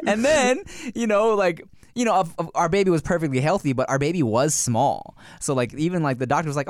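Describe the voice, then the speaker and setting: A man in his thirties talks casually with a co-host, rambling through fillers and swearing freely. His pitch swings widely between lively highs and low mutters, and the sound is dry and close to the mic. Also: normal speed, no room sound. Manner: rambling, profane, lots of fillers and laughter. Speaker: podcast co-host. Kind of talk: casual chat.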